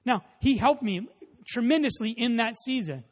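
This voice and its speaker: A man's voice: very high-pitched, animated, moderate pace. A male pastor preaching a sermon, telling a story and acting out the dialogue in it. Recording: long hall reverb.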